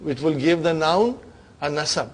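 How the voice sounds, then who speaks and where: A man's voice: on the high side, lively intonation, normal speed, poor audio. A man teaching an Arabic grammar class, quizzing his students with repeated questions and slipping into Urdu phrases now and then. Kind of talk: classroom lecture.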